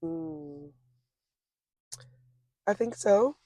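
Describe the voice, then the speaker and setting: Creaky-voiced young woman, reflective and halting. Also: sits high, warm tone, dry recording. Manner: reflective, halting, with many fillers and restarts. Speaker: interview guest. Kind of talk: casual conversation.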